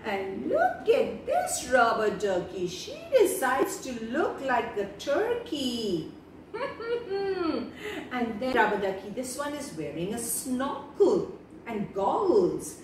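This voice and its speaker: A woman reading a children's story aloud in an animated, sing-song way, speaking to young children. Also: high voice, takes it slowly. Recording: echoey room, far from mic, noisy.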